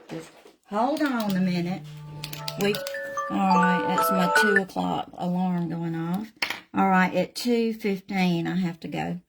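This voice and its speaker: With a mid-range voice and slight background noise, an older woman from the Southern United States walks through a painting demo for her craft channel. Her manner is casual and folksy, and she greets viewers by name.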